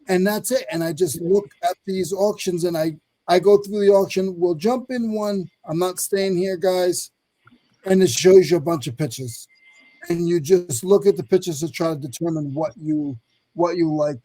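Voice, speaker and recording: A man from North Carolina, a reseller, walking viewers through a website in a rambling, hurried screen-share chat. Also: sits high, warm tone, no echo. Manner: rambling, fast, self-correcting. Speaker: reseller sharing his screen on a live stream. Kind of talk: casual screen-share walkthrough.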